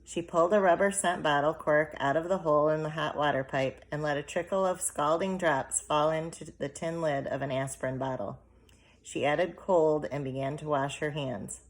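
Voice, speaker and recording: A woman reading a children's novel aloud, in steady, measured narration. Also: sits low. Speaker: audiobook reader. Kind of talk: storybook narration.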